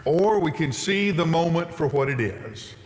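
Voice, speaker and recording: Male pastor, slightly high voice, preaching with emphasis; church hall with long reverb. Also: lively intonation, a little slow, a little hiss or hum. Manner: preaching with rising emphasis, reads scripture aloud. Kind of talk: sermon. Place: church sanctuary.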